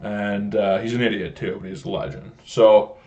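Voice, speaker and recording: A man's voice: fairly low pitch, flat delivery, moderate pace, warm tone. A young man from Canada hosting a podcast, telling rambling stories in casual, heavily profane chat. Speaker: podcast host. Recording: slightly dull lo-fi sound.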